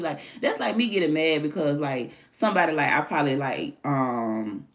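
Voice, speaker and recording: A woman's voice: low-pitched, lively intonation, fairly quick. A woman hosting her own stream, chatting candidly and animatedly in casual slang. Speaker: livestream host. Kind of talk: casual chat.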